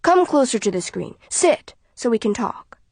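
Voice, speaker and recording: A woman voicing a father who explains things in a measured, reasoning way. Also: fairly high pitch, big pitch swings, darkish tone, husky, no echo, full character voice. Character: father explaining calmly, soothing and controlling.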